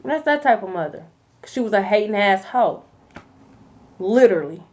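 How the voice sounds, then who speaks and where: A woman's voice: fairly high pitch, sing-song, moderate pace, a little mellow. A woman giving a tarot reading in a casual, blunt and profane rant. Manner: blunt, profane, fired-up talk. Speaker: tarot reader. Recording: dull lo-fi audio.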